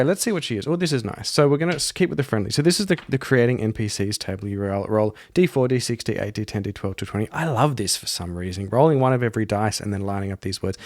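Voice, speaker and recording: A man's voice: fairly low pitch, no room sound. A man hosting a podcast, narrating a solo tabletop game and thinking aloud as he rolls dice. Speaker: podcast host and solo player.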